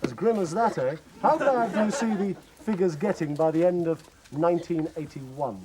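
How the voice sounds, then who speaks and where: A man hosts a spoof current-affairs interview with deadpan pomposity. His voice is high and swings widely in pitch. Steady studio noise runs underneath. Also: moderate pace. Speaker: TV presenter doing a spoof interview.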